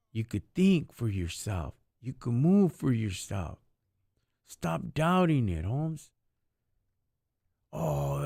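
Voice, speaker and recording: A man's voice: a little high, creaky, a little mellow, no echo, studio quality. A man giving an impassioned faith talk on a live stream, preachy, in street slang, dropping in Spanish words. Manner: preachy, street slang, calls listeners homie and dog.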